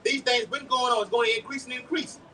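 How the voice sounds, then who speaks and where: A man preaching live outdoors and leading the teaching, with a lively, repetitive delivery, calling on others to read verses. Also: extremely high pitch, fast. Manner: animated, repeats words, calls for scriptures. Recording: distant mic with faint street noise.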